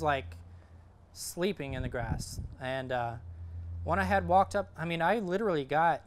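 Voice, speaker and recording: A man's voice: on the high side, a little hiss or hum. A man giving a casual, rambling talk to a group on sight fishing from a kayak, full of fillers and restarts.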